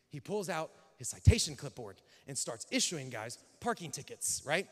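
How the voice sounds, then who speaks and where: A male pastor telling a story in a sermon, animated and acting out dialogue with sudden shouts. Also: a little high, brisk, few pauses, slightly rough. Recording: long hall reverb.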